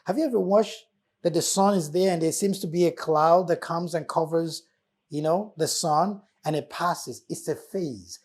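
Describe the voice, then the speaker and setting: Husky-voiced man giving a motivational talk. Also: a little high, moderate pace, a little mellow. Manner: preacherly, repeating key words with emphatic swells. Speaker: host.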